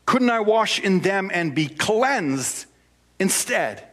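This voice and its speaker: A man's voice: sits high, very animated, slow pace, a bit bright, heavily acted. A man voicing a self-important army commander in a whiny, indignant voice.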